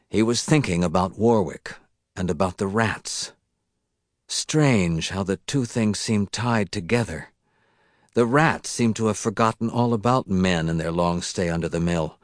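Man reading an audiobook, low voice, dry close sound, steady and deliberate. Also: no echo. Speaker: narrator. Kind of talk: audiobook narration.

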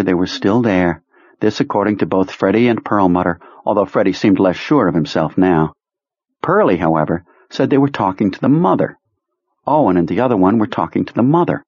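Casting: man, very low and husky, audiobook narrator, dry and slightly dull studio sound. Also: a little mellow, no room sound.

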